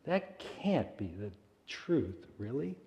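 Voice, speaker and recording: Male minister, calm meditative sermon, warm mellow tone, long church-hall reverb. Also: medium pitch, gravelly. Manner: gentle, unhurried, soft-spoken with pauses. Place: church sanctuary.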